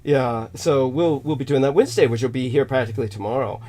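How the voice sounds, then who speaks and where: A man's voice: mid-range voice, fast, warm tone. A man hosting a podcast in casual chat, laughing often and using flowery, old-fashioned phrasing. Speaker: podcast host.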